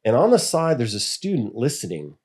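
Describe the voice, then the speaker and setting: With a medium-pitched voice and a fairly quick delivery, a middle-aged American man on a school board recounts stories in a laid-back interview. He plays out the quoted voices with plenty of energy.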